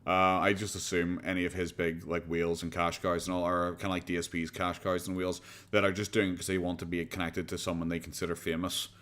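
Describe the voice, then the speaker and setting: A man with an Irish accent commenting casually on a reaction stream, sarcastic and animated, swearing freely. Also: deep voice, a little fast, hardly any pauses.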